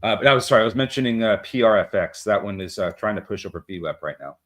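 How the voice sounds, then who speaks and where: A man's voice: on the low side, animated, quick pace, a bit bright. A man co-hosting a live trading stream, talking casually with many fillers and small jokes. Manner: rambling, many fillers, self-deprecating jokes. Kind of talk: casual market commentary.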